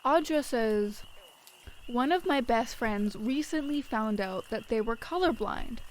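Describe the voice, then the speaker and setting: A woman's voice: fairly high pitch, expressive, a little slow, rough recording. Woman streamer, casual rambling chat, swears a lot, light hiss in the background. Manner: swears freely, rambling with filler words. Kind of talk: casual live-stream chat, reading viewer messages. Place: at her desk at home.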